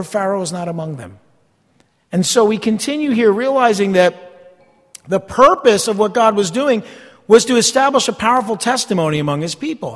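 A man's voice: high voice, long reverb tail. A man preaching a sermon as a pastor, talking conversationally and asking the congregation rhetorical questions.

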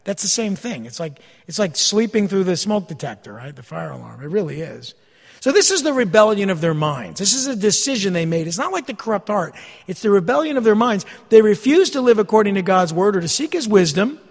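A man's voice: high voice, very animated, brisk, big-room sound. A middle-aged male pastor giving a conversational sermon, acting out everyday anecdotes as he preaches.

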